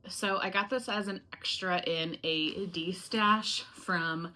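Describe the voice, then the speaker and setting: Bright-voiced chatty woman vlogger. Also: fairly low pitch, steady tone, takes it slowly. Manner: friendly, rambling, talks to viewers directly. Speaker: home fragrance YouTuber. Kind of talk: casual chatty review vlog.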